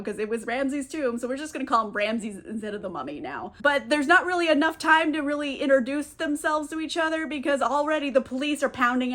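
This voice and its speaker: Recapping a novel with plenty of sarcasm, a woman who reviews books keeps things casual and talkative, sprinkling in swear words and laughs. Her voice is on the high side and a little bright.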